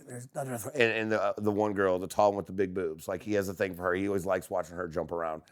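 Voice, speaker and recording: A man on a podcast as a guest, chatting casually and telling animated stories, acting out quotes. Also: sits low, quick pace. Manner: animated storyteller who acts out quotes.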